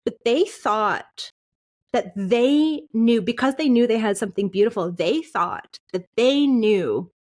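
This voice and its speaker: A woman's voice: fairly high pitch, expressive, measured pace, darkish tone. A woman in her thirties, a podcast guest, candidly recounting a painful personal experience, often laughing through it and restarting her sentences.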